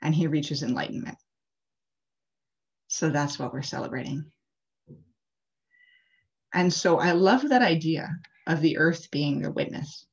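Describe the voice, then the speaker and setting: A woman with a low voice tells a sacred story as an interfaith leader, in a loose, chatty way full of little fillers. The audio comes through a video call and sounds dull and lo-fi. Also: lively intonation, measured pace, pauses often. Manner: casual, chatty, many "like" and "uh" fillers. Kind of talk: storytelling sermon.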